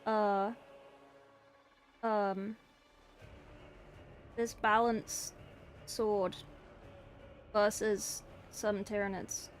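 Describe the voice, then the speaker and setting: A woman mimicking a male gaming video host, doing a halting, mock-enthusiastic intro patter. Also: mid-range voice, level tone, faint music behind. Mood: mock-hype.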